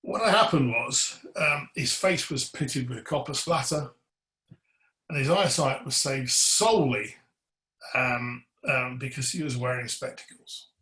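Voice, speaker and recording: A man with a mid-range voice and a sharp tone talks a little slowly while presenting an electrical compliance webinar. He is earnest and forceful, putting pointed questions to the audience and directing a colleague on the slides. The recording echoes as if in a large room.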